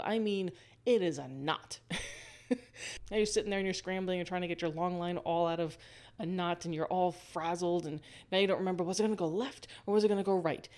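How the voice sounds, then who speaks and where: A woman hosting a casual storytelling monologue, lively, laughing often and walking the listener through a scene. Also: lowish voice.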